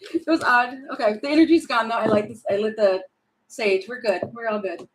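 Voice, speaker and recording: A woman's voice: on the high side, fairly quick, a little hiss or hum, rough recording. A woman giving tarot readings on a live stream, chatty and apologetic, thinking aloud as she goes. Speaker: tarot reader.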